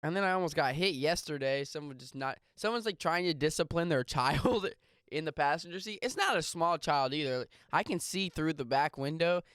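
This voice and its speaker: Clear-voiced joking man. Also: fairly high pitch, dry recording, studio quality. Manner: joking, animated, quick to laugh. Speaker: podcast co-host. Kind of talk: casual podcast chat. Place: home studio.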